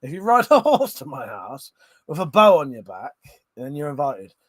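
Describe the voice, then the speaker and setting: A man hosting a late-night livestream, a little tipsy, chatting with viewers as he reads their comments. His slightly high voice swings up and down animatedly, with frequent laughter and casual swearing. The sound is close and dry. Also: sing-song, normal speed, no echo. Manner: laughs often and swears freely. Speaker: livestream host. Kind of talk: casual live-stream chat reading viewer comments.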